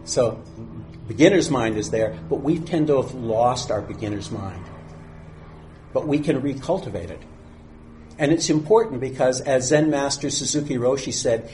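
Calm man giving a meditation talk. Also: mid-range voice, slight background noise. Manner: calm, unhurried, reads a teaching poem slowly. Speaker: meditation teacher. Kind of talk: dharma talk.

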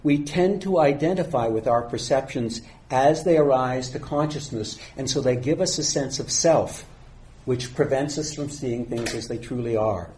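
A man calmly giving a dharma talk as a meditation teacher, speaking unhurriedly. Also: mid-range voice. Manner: calm, unhurried, reads a teaching poem slowly.

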